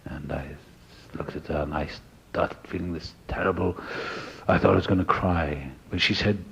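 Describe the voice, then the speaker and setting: A low-voiced older man tells his own story of recovery to a listening audience. He is animated and acts out the people he met along the way. The voice is husky and the recording sounds dull and lo-fi. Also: moderate pace.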